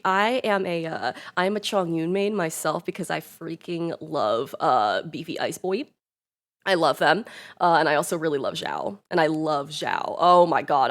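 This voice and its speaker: A woman's voice: deep voice, expressive, a little fast. Bubbly, rambling woman streamer. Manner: bubbly, rambling, laughs often, many "like" fillers. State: nervous and emotional, near tears. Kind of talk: casual live-stream chat.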